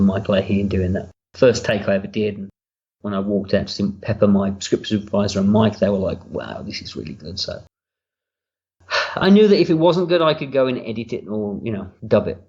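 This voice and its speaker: Low-voiced man giving candid commentary. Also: a little mellow, muffled recording. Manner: candid, rambling, swears casually. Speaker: writer-director giving commentary. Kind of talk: relaxed audio commentary. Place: home room.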